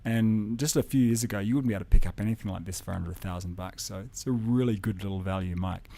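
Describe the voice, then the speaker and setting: Man, lowish voice, relaxed tutorial talk, audio engineer, studio condenser mic, home studio. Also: fast talker, vocal fry. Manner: relaxed, explanatory, moves around the mic while talking. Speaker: audio engineer demonstrating microphones. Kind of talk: spoken tutorial with live mic demonstrations. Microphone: studio condenser mic at close range.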